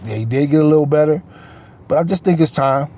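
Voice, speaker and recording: A man's voice: a little high, fast talker, warm tone. A man giving casual solo sports talk as a host, rambling and correcting himself with many fillers.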